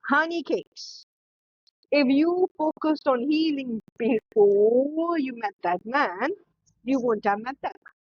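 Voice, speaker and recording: A woman's voice: high-pitched, animated, takes it slowly, husky, no room sound, highs cut off. A woman in her fifties co-hosting a podcast in casual opinionated chat, ranting animatedly and mocking other people's voices. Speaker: podcast co-host.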